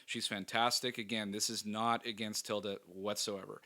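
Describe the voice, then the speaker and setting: A man's voice: fairly low pitch, little pitch movement, moderate pace, pushed and bright. A man co-hosting a podcast, giving casual movie opinions with frequent fillers and hesitations. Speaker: podcast co-host. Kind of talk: casual movie review chat.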